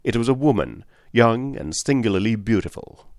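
A man narrating an audiobook with measured storytelling. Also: fairly low pitch, expressive, a little mellow, no room sound, studio quality. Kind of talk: scripted narration.

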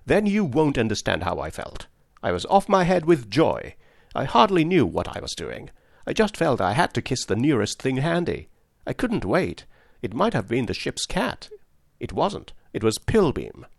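A man reading the part of a frazzled, nervous young gentleman who rambles through his story in rapid, breathless chatter. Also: mid-range voice, wildly swooping pitch, gravelly, dry recording, studio quality, exaggerated voice. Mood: rambling.

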